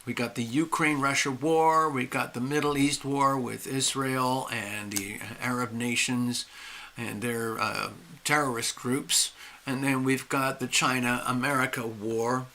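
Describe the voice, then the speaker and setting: A man hosting a live astrology stream, speaking emphatically with drawn-out stresses and restarts while losing his voice. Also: mid-range voice, fairly even intonation, pushed and bright, slight background noise. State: losing his voice, clearing his throat. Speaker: astrology and tarot livestream host.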